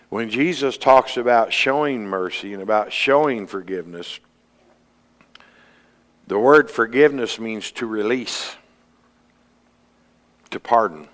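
A man preaching a sermon, earnest, climbing to emphatic peaks and then dropping low. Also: animated, measured pace, long pauses, a bit bright. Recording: long hall reverb.

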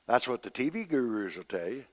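A man preaching a sermon in a conversational way, acting out the voices he quotes and swinging between loud and soft. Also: mid-range voice, big pitch swings, brisk. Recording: long hall reverb.

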